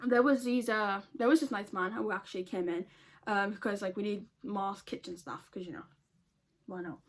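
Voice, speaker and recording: A woman's voice: mid-range voice, normal speed. A woman telling a storytime vlog in a casual, blunt way, swearing a lot and laughing often. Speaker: vlogger.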